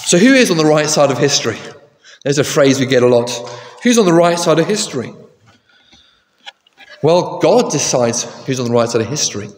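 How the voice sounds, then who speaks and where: A man's voice: fairly high pitch, expressive, a little fast, pauses often, a little hiss or hum. A man preaching a sermon in a conversational way, asking the congregation questions. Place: large church. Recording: echoey church with long reverb.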